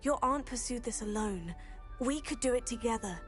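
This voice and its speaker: A woman's voice: fairly high pitch, lively intonation, normal speed, soft background music, natural voice. An actress playing a determined young female wizard student in a video game, speaking in an earnest, persuasive way.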